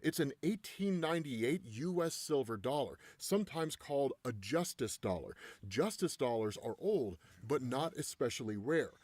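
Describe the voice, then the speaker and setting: A man casually retelling a comic story, animated and often checking in with "right?". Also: medium pitch, moderate pace, hardly any pauses, dry recording. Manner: animated, keeps asking "right?". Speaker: story recap host.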